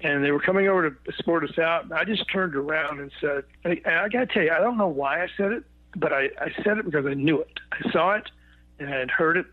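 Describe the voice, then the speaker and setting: Older guy spinning a long music-biz story, slightly high voice, kinda dull lo-fi sound. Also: fast. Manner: rambling anecdotal storyteller, quotes others, frequent restarts. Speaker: guest, former record promotion executive. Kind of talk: casual storytelling interview.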